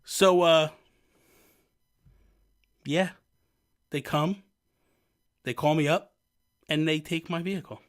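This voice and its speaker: Young man, casual vlog story, animated, slightly high, acts out quotes. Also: takes it slowly, long pauses. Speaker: vlogger.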